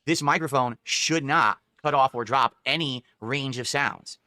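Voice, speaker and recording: A content creator reviews his new microphone for viewers, explaining it in a defensive, rambling way. His voice is medium-pitched and a little slow, with a pushed, bright quality and no room sound.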